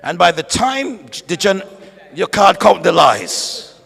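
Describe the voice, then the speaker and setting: A man preaching at a bible study, animated, calling out to the congregation and acting out voices. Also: high voice, slow pace, gravelly, slightly rough. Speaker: pastor. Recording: echoey hall.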